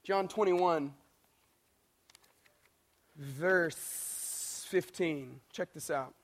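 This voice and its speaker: A male pastor preaching a sermon as an animated storyteller, acting out the people he quotes and swinging between quiet and emphatic delivery. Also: on the high side, very slow.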